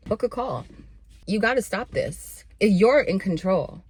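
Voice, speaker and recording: A woman's voice: medium pitch, expressive, measured pace, darkish tone, husky. A young woman giving a sassy, blunt motivational pep talk straight to her viewers and calling them honey and babe. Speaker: self-improvement vlogger.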